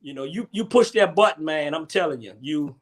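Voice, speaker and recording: A man's voice: a little high, lively intonation, a little fast. A man hosting a casual comedy chat, rambling and repeating himself with frequent laughs. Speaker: host.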